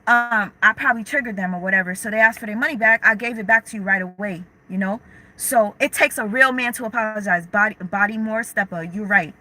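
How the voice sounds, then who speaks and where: Bright, slangy woman chatting on a livestream. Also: medium pitch, brisk, rough recording. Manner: candid, slangy, reads and answers chat comments. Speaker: livestream host. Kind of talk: casual livestream chat.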